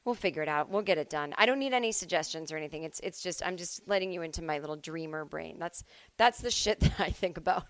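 A woman's voice: low-pitched, fast, no echo. A woman in her forties from Massachusetts, hosting a solo comedy podcast from home, rambling and self-deprecating with lots of "like" and "I don't know". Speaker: podcast host.

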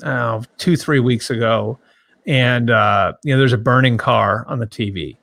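Halting man answering, full of fillers. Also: mid-range voice, creaky, a bit bright, dry recording. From grew up in the Boston area. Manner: halting, many restarts and "like" fillers. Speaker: sports journalist guest. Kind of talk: podcast interview answer.

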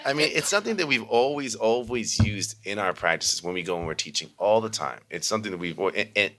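Brief: quick, low-pitched man, bright tone, lively storyteller who mimics others. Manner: animated, acts out quoted voices in high pitch. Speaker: community meditation teacher. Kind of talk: casual storytelling interview.

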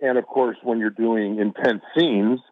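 The speaker is a man from Chicago, USA, an actor giving an interview by call, heard through a tinny phone-like line with no echo. His mid-range voice stays steady and unhurried as he rambles casually through stories with fillers and restarts.

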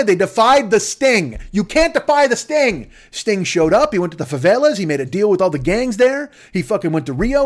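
A man rants his way through a rambling comedy riff, his voice pitched high and leaping all over the place. He swears constantly and piles one absurd tangent on another. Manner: profane, excitable, absurd tangents. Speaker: podcast host.

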